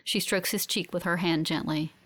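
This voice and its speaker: Woman reading a novel aloud, reflective, lowish voice. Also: steady tone, moderate pace, fairly bright tone. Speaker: audiobook narrator. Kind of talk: first-person scripted narration.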